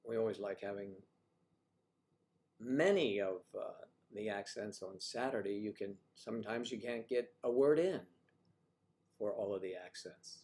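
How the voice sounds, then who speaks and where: Mellow-voiced joking male livestream host. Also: fairly low pitch, a little slow. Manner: relaxed, joking, clears throat often. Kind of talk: casual livestream chat.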